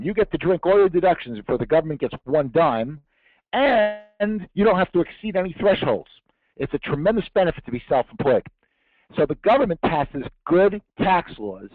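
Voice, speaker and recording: A man's voice: a little high, no room sound. A man giving a tax seminar to an audience, emphatic, with rhetorical questions and jokes. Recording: tinny narrow-band dry recording.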